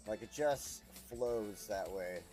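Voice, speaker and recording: A man's voice: fairly low pitch, slow pace, dark tone, faint music behind. A man chatting casually while streaming a city-building game, rambling and swearing freely with frequent chuckles. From United States. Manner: rambling, profane, chuckles often. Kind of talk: casual gameplay commentary.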